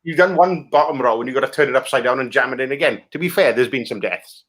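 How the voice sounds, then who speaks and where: A man from Wales, a guest on a comedy show, pitching absurd products in rambling, sweary banter. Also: quick pace, a bit bright. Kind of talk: improvised comic pitch.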